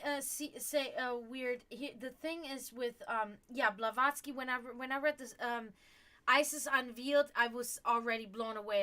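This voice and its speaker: Bright, high-voiced woman chatting on a livestream. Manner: animated, rambling, earnest, many fillers. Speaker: livestream host and psychic reader. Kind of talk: casual livestream chat.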